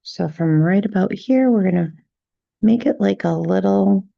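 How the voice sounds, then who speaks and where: A woman teaching a step-by-step drawing tutorial, gently talking through each stroke and checking in with "right?" as she goes. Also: medium pitch, a little slow, creaky, no echo, highs cut off. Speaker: drawing instructor.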